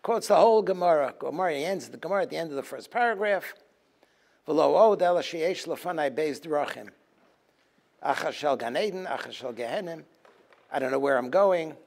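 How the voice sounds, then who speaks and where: A rabbi lecturing on a Talmud passage in a fairly high voice. He quotes the Hebrew text, then explains it in English with lively, emphatic delivery. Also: fairly quick, vocal fry. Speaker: rabbi teaching a Tisha B'Av program.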